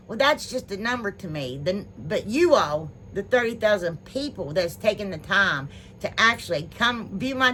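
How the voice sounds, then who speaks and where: A woman's voice: mid-range voice, bright, forceful tone, slight background noise. A woman hosting a home DIY channel, chatting casually and gushing to her viewers about gifts, with lots of fillers and an Ohio accent. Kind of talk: casual unboxing chat to viewers.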